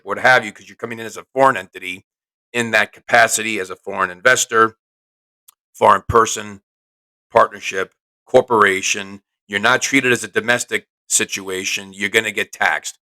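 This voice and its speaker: Brash, bright-voiced male podcast host. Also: medium pitch, clean tone, poor audio. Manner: brash, salesy, chatty. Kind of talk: casual solo podcast talk.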